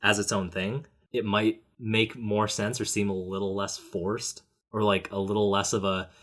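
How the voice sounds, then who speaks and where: A man co-hosting a casual film podcast, talking animatedly and acting out characters in quick voices. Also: fairly low pitch, flat delivery, fairly bright tone. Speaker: podcast co-host.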